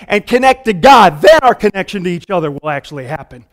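A man's voice: high-pitched, sing-song, fast, fairly bright tone. A man in his fifties, a pastor preaching a sermon in a casual, earnest way with folksy asides. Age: 50s.

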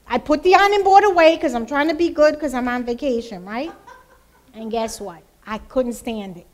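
Woman, church testimony speaker; high voice, lively storyteller who plays out the dialogue. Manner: lively, acts out quoted dialogue.

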